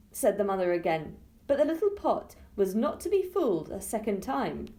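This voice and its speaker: A woman, an early-years teacher, reading a storybook aloud to young children slowly and expressively. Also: medium pitch. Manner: slow, expressive and clear.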